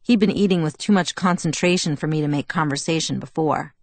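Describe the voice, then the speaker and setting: A woman reading a first-person novel aloud in a measured storytelling manner. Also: deep voice, dry recording. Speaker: audiobook narrator.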